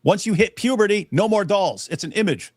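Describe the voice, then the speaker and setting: A man's voice: sits high, animated, a little fast, dry recording, clean studio sound. A man hosting a call-in debate show, talking in an emphatic, exasperated way. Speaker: host.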